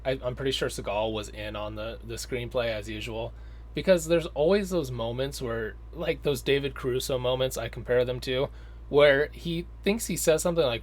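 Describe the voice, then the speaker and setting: A man talking through a movie review in a relaxed, rambling way. He swears casually and keeps mimicking the people he describes. His voice sits in an ordinary middle register. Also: medium pitch, normal speed. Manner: rambling, profane, slips into mocking impressions.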